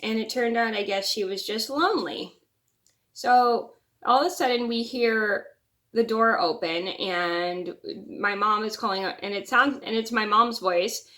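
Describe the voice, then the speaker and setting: A woman's voice: a little high, unhurried, a bit bright. A young woman vlogger telling a personal story in a casual, rambling way, often restarting and repeating words.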